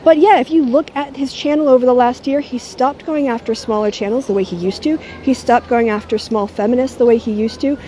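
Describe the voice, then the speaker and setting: A woman's voice: fairly high pitch, brisk, hardly any pauses, warm tone. A middle-aged woman talking casually and sardonically to a handheld camera she holds at arm's length. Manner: sardonic, mocking. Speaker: YouTuber. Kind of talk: casual talking-head vlog.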